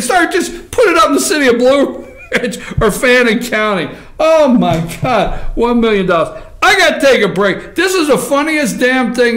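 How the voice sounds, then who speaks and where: A man hosting a local political show, mocking and laughing as he reads documents aloud, often shouting. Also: very high-pitched, big pitch swings, normal speed, echoey room. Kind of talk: animated commentary, reading documents aloud.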